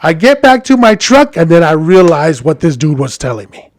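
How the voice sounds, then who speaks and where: A man's voice: a little high, big pitch swings, normal speed, dry recording, clean studio sound. A man with a Hawaiian accent telling a story as a podcast host, in a rambling, chatty monologue addressed to his listeners.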